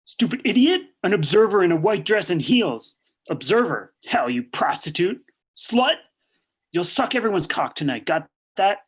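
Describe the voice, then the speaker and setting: Woman doing a nasty riot cop guy, snarling orders, husky and swinging all over in pitch. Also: big pitch swings, moderate pace. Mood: vicious. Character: brutal riot policeman, male, cruel and vulgar. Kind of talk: staged play reading.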